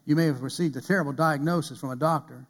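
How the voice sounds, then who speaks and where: A man preaching a sermon from a pulpit, rising to loud emphasis and then dropping to a hushed near-whisper. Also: fairly high pitch, quick pace. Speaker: pastor. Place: church pulpit.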